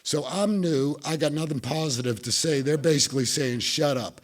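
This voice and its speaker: A middle-aged man from New Jersey speaks with a New Jersey accent at a meeting, recounting his recovery with self-mocking, wry humor. His voice is fairly high, and he keeps a moderate pace.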